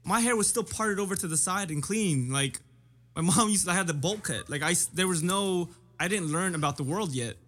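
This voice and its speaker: A man's voice: high-pitched, expressive, brisk, a bit bright. A man in casual chat, recalling an experience in a loose, rambling way with many fillers.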